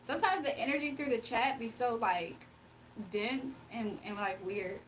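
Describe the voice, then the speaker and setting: A young woman from Virginia hosting a casual livestream, reading comments aloud, emotional and quick to laugh. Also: on the high side, expressive, slight background noise. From Virginia, USA. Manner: emotional, giggly, talks to chat. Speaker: livestream host.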